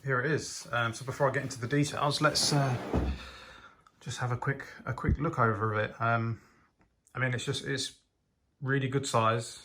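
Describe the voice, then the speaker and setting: A man's voice: medium pitch, steady tone, normal speed, fairly bright tone, slight background noise. A man giving a casual, enthusiastic toy set review, talking with frequent hesitations and ums. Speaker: LEGO reviewer.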